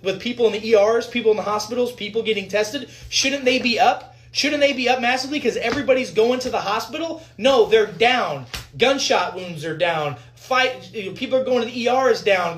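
A physician in a fired-up, profane rant at viewers about news articles, hammering points with repetition. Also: mid-range voice. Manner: fired up, emphatic, repetitive, swears; addresses viewers directly. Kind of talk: ranting commentary on news articles.

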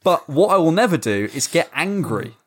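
A man's voice: a little high, moderate pace, husky. A man co-hosting a football podcast, ranting in casual, sweary chat. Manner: animated, swearing, ranting, restarts. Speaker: podcast co-host.

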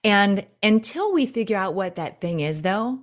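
Woman, coach, lively storyteller; jumps high when quoting others, conversational interview. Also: moderate pace. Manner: animated storyteller, acts out quotes with big pitch jumps. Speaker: presentation coach, guest. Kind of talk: casual interview chat.

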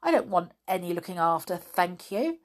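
A stubborn tomboy brushes things off bluntly. Her voice stays low-key and plain, voiced by a woman storyteller. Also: sing-song, moderate pace. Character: tomboyish girl, stubborn and independent.

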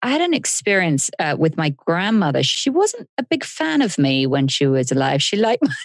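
A woman's voice: deep voice, big pitch swings, normal speed, dry recording, clean studio sound. A woman hosting a podcast, asking curious, reflective questions and sharing her own experience. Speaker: podcast host, psychotherapist. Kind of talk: interview conversation.

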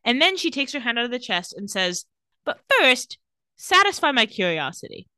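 A woman's voice: a little high, big pitch swings, normal speed, pushed and bright, clear, resonant tone, no echo, studio quality. A woman in casual chat, recapping TV scenes and acting out the characters' lines. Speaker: podcast co-host recapping a TV episode.

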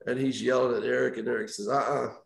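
Older man, storytelling guest, gravelly, echoey room. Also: mid-range voice, fast. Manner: relaxed anecdotal storyteller, chuckles at his own tales. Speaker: retired baseball umpire, guest. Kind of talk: storytelling interview.

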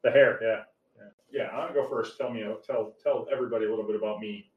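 A man's voice: on the low side, fairly even intonation, fast talker, reverberant, recorded from a distance, narrow, tinny audio. A man in his forties co-hosting a podcast, joking in casual chat with crude, self-mocking banter. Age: 40s. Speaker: podcast co-host.

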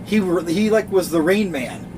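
Man, podcast co-host, casual profane rambling, slightly high voice, faint background hiss. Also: lively intonation, moderate pace. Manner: profane, rambling storyteller who acts out quotes. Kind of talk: casual chat.

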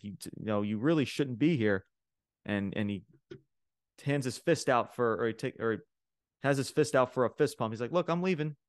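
A man's voice: medium pitch, no echo, clean studio sound. A man hosting a wrestling podcast, recapping a show in a casual, rambling way with lots of fillers and restarts.

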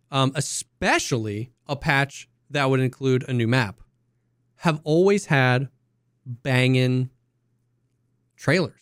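A man co-hosting a gaming podcast, talking in a loose, animated, casual way, saying "dude" and "you know what I mean" often. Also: medium pitch, no room sound, clean studio sound. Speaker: podcast co-host.

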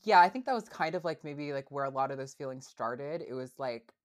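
With a bass voice, expressive and fairly quick, a young adult woman chats as a podcast guest. The interview is casual, and her speech is hesitant, packed with fillers and restarts.

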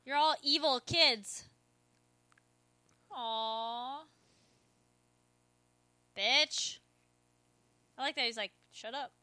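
A woman with a high-pitched voice gives animated, chatty running commentary while watching a movie, sighing and crying out as she reacts. She draws out her words and pauses often, with no room sound.

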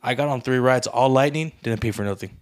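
Man, casual podcast chat, profane, says bro constantly, animated storyteller. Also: mid-range voice, fairly quick, clear, resonant tone. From Mexican heritage. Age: adult father. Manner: profane, peppers speech with "bro"; animated storyteller, acts out voices with laughter. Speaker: podcast co-host.

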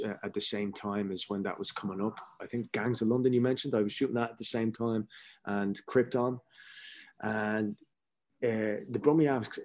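A man's voice: fairly low pitch, darkish tone. A middle-aged man, an actor being interviewed, telling candid anecdotes in casual talk and swearing freely. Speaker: actor guest.

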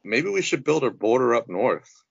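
A man's voice: medium pitch, very animated, normal speed, vocal fry, husky, no echo, highs cut off. A man hosting a casual racing podcast, joking and laughing through laid-back banter. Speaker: podcast host.

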